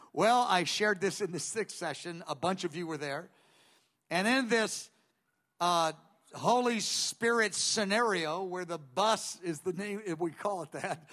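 An older man with a noticeably high voice delivers a teaching sermon in a relaxed, conversational way. He drifts into anecdotes and acts out the people he quotes. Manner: digressive, storytelling, quoting others aloud. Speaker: preacher.

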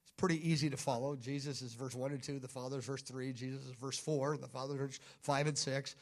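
A man preaching a sermon in an energetic, conversational teaching manner with emphatic bursts. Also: medium pitch, fast.

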